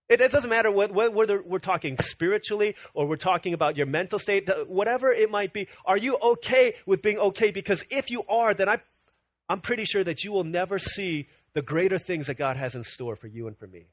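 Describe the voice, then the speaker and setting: A man preaching a sermon in a lively, conversational way, often restarting his sentences. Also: high voice, a little fast, dry recording. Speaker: pastor.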